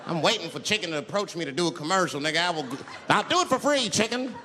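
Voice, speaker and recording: A man's voice: high-pitched, animated, quick pace, sharp tone. A man doing stand-up comedy, brash and profane, talking straight at the crowd. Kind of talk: stand-up set. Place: comedy club. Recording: long hall reverb, noisy crowd.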